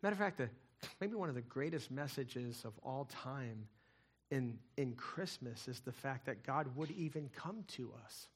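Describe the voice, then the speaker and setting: A middle-aged man preaching a sermon, telling stories and swinging between loud emphatic lines and hushed, quiet ones. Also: medium pitch, expressive, moderate pace, husky. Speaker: pastor.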